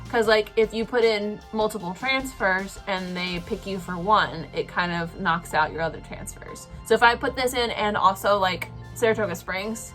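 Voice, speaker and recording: A woman's voice: medium pitch, moderate pace, hardly any pauses, a bit bright, soft background music. A young woman telling an emotional personal story to camera, rambling with lots of fillers. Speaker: vlogger.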